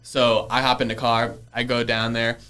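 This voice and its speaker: A man's voice: mid-range voice, level tone, normal speed, bright, forceful tone, clean tone. A man in his early twenties, a real estate investor, chatting casually on a podcast, laughing often and using lots of fillers. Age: early 20s. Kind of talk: casual storytelling interview. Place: podcast studio.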